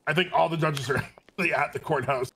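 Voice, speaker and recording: A man playing a police officer in a game roleplay who speaks hesitantly with many halting restarts. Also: on the high side, fairly even intonation, fairly bright tone, slight background noise. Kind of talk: in-character game roleplay banter.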